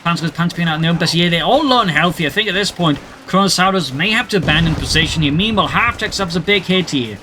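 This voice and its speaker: A man giving brisk play-by-play commentary on a video game match, with dry jokey asides. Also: a little high, pushed and bright, slight background noise.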